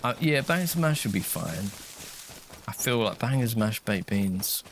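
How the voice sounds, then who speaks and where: A man with a fairly low voice chats lazily over voice comms while he plays. His talk is loose, easygoing banter, like friends killing time during a game stream. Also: moderate pace, slight background noise. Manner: relaxed, chatty, easygoing banter. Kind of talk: casual chat over voice comms while gaming.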